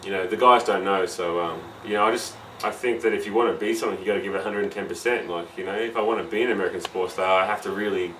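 A man's voice: sits low, fairly even intonation, very fast, hardly any pauses, fairly bright tone, a little hiss or hum. A young Australian man confiding and bragging in a mockumentary confessional. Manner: boastful, confiding, swaggering. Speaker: housemate. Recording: roomy, distant mic.

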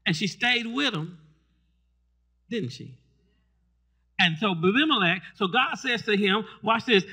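A man preaching a fervent sermon in church. He keeps asking the congregation to respond and builds up to shouts. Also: high-pitched, expressive, moderate pace, long pauses, husky. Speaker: pastor. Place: church service.

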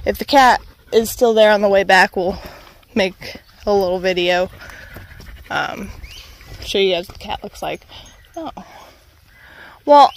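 A woman's voice: mid-range voice, a bit bright. A woman vlogging casually on an outdoor trail, chatting and talking to her dog as she walks. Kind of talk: casual walking vlog.

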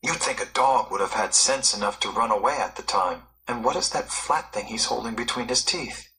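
A man's voice: medium pitch, moderate pace, sharp tone, a little hiss or hum, poor audio. A man voicing a curious male excavator who thinks aloud and wonders at what he has dug up, in a storybook read-aloud. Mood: musing. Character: curious male excavator musing over ancient ruins.

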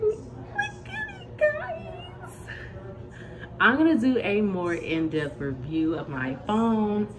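This is casual vlog chat from a woman with a mid-range voice, who talks animatedly and directly to her audience while indoors in her bathroom at home. The background is noisy, with music playing.

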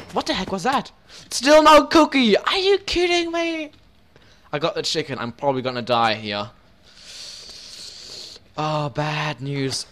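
A young man giving excitable gameplay commentary, yelping for help, laughing often and dropping into low muttered asides. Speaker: gaming video host.

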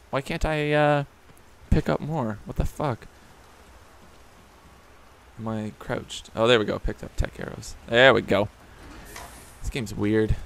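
Excitable profane young gamer. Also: male voice, fairly low pitch, creaky, a little hiss or hum. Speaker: let's play gamer. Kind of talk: casual gameplay commentary.

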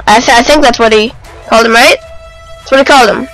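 A man giving casual, excitable, self-mocking commentary while playing a video game. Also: very high voice, fast talker, faint music behind, rough recording. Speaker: let's play gamer.

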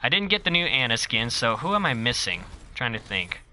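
A man streaming a video game live, chatting casually and excitedly with his viewers and cheering himself on. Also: mid-range voice, fairly quick. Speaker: gaming streamer.

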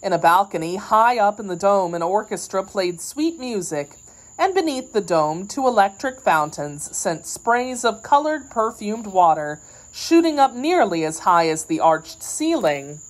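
A woman narrating a classic children's storybook. Her voice sits in a middle register but moves in lively rises and falls. She reads at a measured, expressive pace. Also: medium pitch, poor audio. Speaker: audiobook reader.

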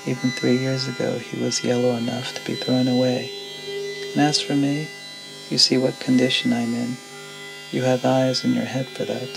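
A man's voice: medium pitch, level tone, normal speed, gravelly, close to an everyday voice, rough recording. A man voicing a scornful, domineering old father who mocks and accuses his son, with music underneath. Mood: accusing. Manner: mocking, harsh, accusing.

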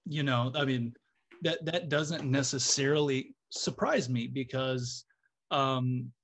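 A man's voice: medium pitch, takes it slowly, fairly bright tone. A man who is a guest physiotherapist, talking through ideas in a casual podcast conversation, thoughtful and explanatory with frequent restarts.

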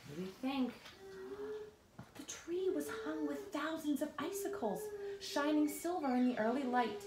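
A woman reading a picture book aloud to a child in an expressive way, with asides to the listener, recorded far off in an echoey room with noise. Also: sits high, unhurried. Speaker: storybook reader.

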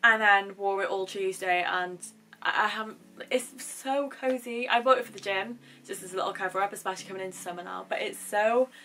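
A woman's voice: medium pitch, fairly quick, pushed and bright, slight background noise. A young woman vlogger chatting casually and gushing about a shopping haul. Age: young adult.

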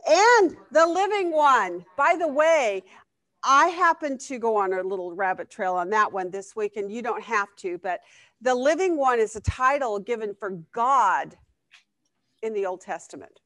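A woman's voice: mid-range voice, expressive, moderate pace, fairly bright tone, no room sound. A woman teaching a live Bible study class, reading scripture aloud and checking in with the class. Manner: conversational, asks the class questions, reads scripture aloud.

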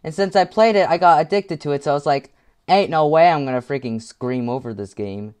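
A man giving gameplay commentary with headphones on, muttering to himself and swinging into frustrated yelling. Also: a little high, a little fast, clear, resonant tone. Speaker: gaming video creator.

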